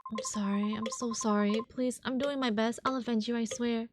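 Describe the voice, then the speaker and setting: A woman's voice: a little high, fairly even intonation, normal speed, close to an everyday voice. Desperate grieving wife, pleading and shaky, read by a woman streamer, music underneath. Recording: background music.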